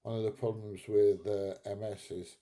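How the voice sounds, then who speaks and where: A man's voice: on the low side, flat delivery, moderate pace, mellow. A middle-aged man hosting a live stream, chatting casually and bluntly, swearing and laughing at his own jokes. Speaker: live stream host reading chat.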